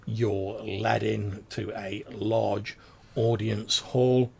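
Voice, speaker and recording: A man's voice: on the low side, steady tone, extremely slow, creaky, darkish tone, breathy edge. A man narrating as game master, describing scenes in a loose, rambling way with many fillers.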